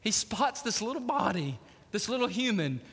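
A middle-aged man preaches a sermon, his voice high and ringing bright. He tells stories dramatically, dropping to a hush and then rising to loud emphasis. The sound carries the long reverb of a big church hall. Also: big pitch swings, moderate pace, slightly rough. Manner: dramatic, emphatic storytelling, swinging between hushed and loud. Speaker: pastor. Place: church sanctuary.

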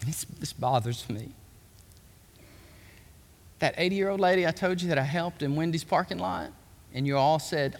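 Man, pastor preaching, lively high voice, big shouts then asides, echoing church hall. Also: vocal fry, a little hiss or hum. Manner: animated preaching, loud exclamations and quick drops to asides. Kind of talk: sermon.

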